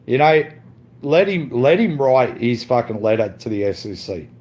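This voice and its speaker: A man's voice: medium pitch, sing-song, normal speed, darkish tone. A man ranting on his live stream, boastful and profane, repeating himself and saying "mate" a lot, with frequent stumbling restarts.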